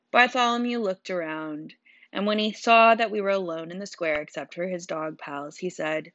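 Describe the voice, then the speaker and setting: Audiobook narrator: low woman, wry delivery, dull dry studio sound. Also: moderate pace, fairly bright tone, dry recording. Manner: wry, dry first-person telling. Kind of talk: storybook narration.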